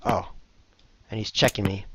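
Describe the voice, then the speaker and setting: A man's voice: lowish voice, moderate pace, noisy background. Playful man commentating his own chess games. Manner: playful, jokey, self-mocking, with sudden excited outbursts. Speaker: chess streamer and show host. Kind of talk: live commentary while playing online blitz chess.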